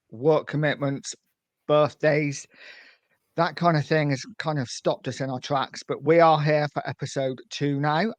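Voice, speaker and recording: A man's voice: fairly high pitch, no echo. A middle-aged man hosting a casual football podcast, talking in a friendly way and steering the conversation. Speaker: host.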